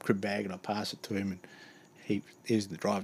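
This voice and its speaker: A man's voice: lowish voice, level tone, fast talker, breathy edge. A man telling a funny work anecdote in a casual chat, acting out the other voices and laughing often. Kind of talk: casual storytelling.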